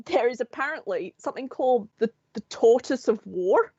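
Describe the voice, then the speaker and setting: A woman co-hosting a podcast, telling a story in an animated, sweary, laughing way. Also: fairly high pitch, normal speed, slightly rough, dry recording. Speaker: podcast co-host. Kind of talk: casual chat. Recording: dull, dry sound.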